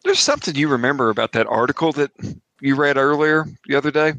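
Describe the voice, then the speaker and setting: A man's voice: a little high, fast, fairly bright tone, no room sound. A man running a tabletop horror game as game master, narrating loosely and casually with frequent swearing.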